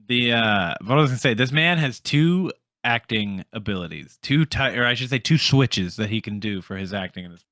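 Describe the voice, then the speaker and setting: A man co-hosting a film podcast, talking casually in a halting way, often searching for words. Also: mid-range voice, animated, fairly bright tone, no room sound, clean studio sound. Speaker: podcast co-host.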